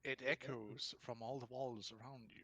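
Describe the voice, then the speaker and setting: A man with a gravelly, husky voice, narrating a tabletop game as game master in a slow, low, ominous way. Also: fairly even intonation, sharp tone, no room sound.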